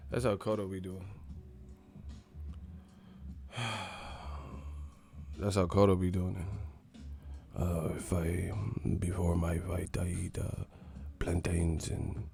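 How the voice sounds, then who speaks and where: Man imitating a retired boxer, hushed whisper, slow, hesitant ums, low voice, gravelly edge. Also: exaggerated voice. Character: impression of a soft-spoken retired boxer, man.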